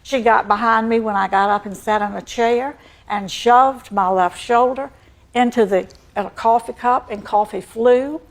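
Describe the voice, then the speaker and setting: A woman's voice: fairly high pitch, normal speed. An older woman with a Virginia Southern accent, insistently denying accusations as a talk show guest and calling the host "sir". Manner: insistent denials, formal "sir". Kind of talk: defensive testimony.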